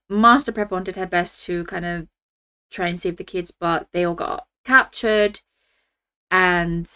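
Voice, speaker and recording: Young female reaction host; casual, exasperated, animated delivery, mid pitch. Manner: animated, exasperated rants with laughs and fillers. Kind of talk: casual reaction chat to camera.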